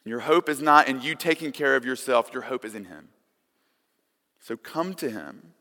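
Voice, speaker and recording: A man preaching a sermon, earnest, his volume swinging from hushed to loud. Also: medium pitch, normal speed. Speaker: pastor. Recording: long reverb of a large hall.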